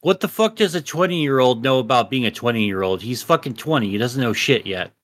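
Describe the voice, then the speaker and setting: A man's voice: mid-range voice, animated, a little fast, a bit bright, no room sound, studio quality. A man in his thirties, a podcast co-host, chatting casually and ranting with lots of swearing. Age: 30s. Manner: profane, emphatic rants. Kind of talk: casual chat.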